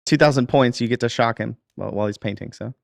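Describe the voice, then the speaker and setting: A man's voice: mid-range voice, fast, vocal fry, no echo. A man hosting a live stream, chatting in an easygoing way and laughing often. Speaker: stream host. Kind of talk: casual livestream chat.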